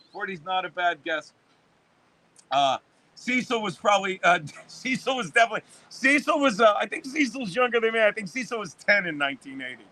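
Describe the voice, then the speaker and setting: A man's voice: high-pitched, pushed and bright. A man in his fifties hosting a casual livestream, reading chat and ranting about football in a profane, rambling way. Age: 50s. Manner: profane, rambling sports rant.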